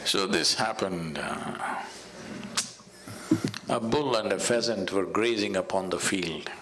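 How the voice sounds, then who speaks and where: A man with an Indian English accent, a spiritual teacher speaking in a measured, storytelling way. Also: low voice, a little hiss or hum. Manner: measured and storytelling, with soft laughs. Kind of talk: conversational teaching with a told fable.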